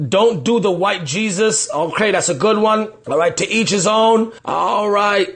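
High-voiced upbeat pastor on a livestream. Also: male voice, a bit bright. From New York City. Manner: upbeat, repeats quick affirmations. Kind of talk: live-stream chat reading viewer comments.

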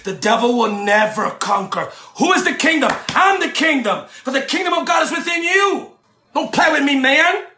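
A man preaching a fiery sermon, shouting and repeating phrases for emphasis, with bursts of speaking in tongues. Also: very high voice, animated, moderate pace, reverberant, slight background noise.

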